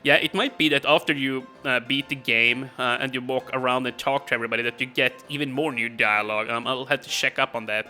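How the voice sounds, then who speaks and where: A man talks through his game in a loose, rambling way, laughing often and filling the pauses with ums. His voice is very bright, and soft music plays faintly underneath. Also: medium pitch, steady tone. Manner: chatty, rambling, laughs often, hesitant fillers. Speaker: let's play commentator. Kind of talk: casual game commentary.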